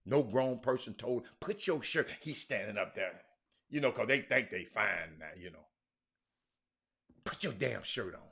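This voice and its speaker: A man's voice: on the low side, animated, normal speed, sharp tone, breathy edge. A man hosting a live-streamed sports talk show, ranting emphatically, repeating himself and calling out to his viewers. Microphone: streaming mic.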